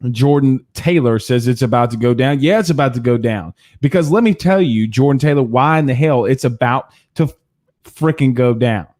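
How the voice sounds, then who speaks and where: A man's voice: mid-range voice, normal speed, a little mellow. A man hosting a postgame sports show, ranting angrily with heavy cursing. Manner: cursing, heated and exasperated. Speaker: sports talk show host. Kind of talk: angry postgame rant.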